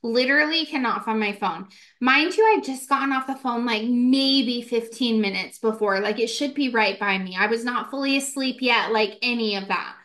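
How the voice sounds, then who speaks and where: A young woman in her twenties telling a ghost story in casual podcast chat, animated and full of "like" fillers. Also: fairly high pitch. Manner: animated, fast, many "like" fillers, acts out quotes. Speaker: podcast co-host.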